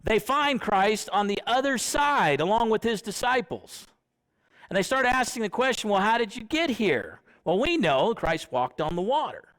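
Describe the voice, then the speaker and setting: A man's voice: sits high, animated, moderate pace, fairly bright tone. A young man preaching a sermon in church, conversational, often asking the congregation questions.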